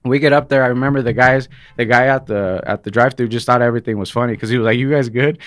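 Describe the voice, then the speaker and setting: A man in casual podcast chat, telling a story at a quick clip. He talks fast and acts out the voices of the people in his story. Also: medium pitch, fairly even intonation, a bit bright. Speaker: podcast guest, rapper.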